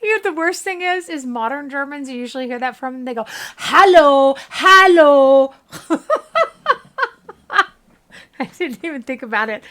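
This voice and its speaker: A woman in her thirties streams a game from home, keeping up easy chatter with her viewers and laughing a lot. Her voice is bright and a little high. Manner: giggly, chatty, talks to chat. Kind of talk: casual gaming livestream chat.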